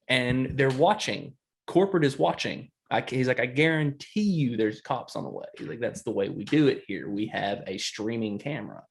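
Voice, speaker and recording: A man's voice: medium pitch, gravelly. A man, co-hosting a casual chat and rambling through a story, laughing often. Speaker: podcast co-host.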